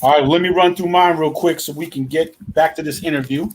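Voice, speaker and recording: A man's voice: on the high side, steady tone, a little fast, background noise. A man co-hosting a live talk show, chatting casually and loosely, swearing and laughing. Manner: loose, profane, laughing banter. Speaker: podcast co-host. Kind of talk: casual chat.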